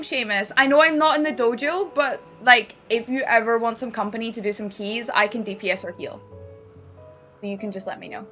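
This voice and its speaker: A woman's voice: a little high, brisk, a bit bright, soft background music. A Scottish woman streaming from home, chatting effusively with her viewers and swearing casually at times. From Scotland.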